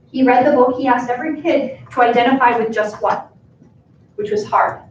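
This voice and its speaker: A woman teacher giving a talk to fellow educators, telling classroom stories in a lively way and acting out the dialogue. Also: sits high, moderate pace, distant mic, slight background noise. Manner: lively storytelling that acts out dialogue. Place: school presentation room. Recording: echoey room, voice from afar, muffled sound.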